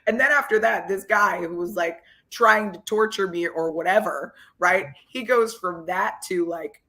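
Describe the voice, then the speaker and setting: A woman guest on a podcast interview, telling animated stories and acting out the quotes with big jumps in pitch. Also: normal speed. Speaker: guest, former football coach. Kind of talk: lively storytelling in a podcast interview.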